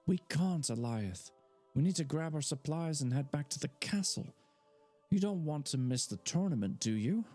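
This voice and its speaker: A man's voice: fairly high pitch, lively intonation, normal speed, warm tone, faint music behind, pitched above the performer's own voice. A man voicing a protective, bossy older sister, scolding and exasperated.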